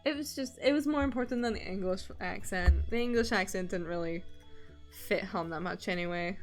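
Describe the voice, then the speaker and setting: A woman chats casually on a stream, rambling through her thoughts and filling pauses with plenty of ums. She laughs often as she talks, and her pitch sits at a middle level. Faint music plays underneath. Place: lives in Scotland.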